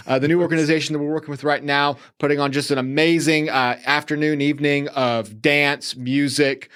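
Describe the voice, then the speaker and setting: This is an upbeat man with a voice a touch higher than most, speaking as a guest on a casual podcast interview. He rattles off event listings quickly and eagerly. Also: fairly even intonation, fairly bright tone, clear, resonant tone. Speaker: guest, city tourism manager.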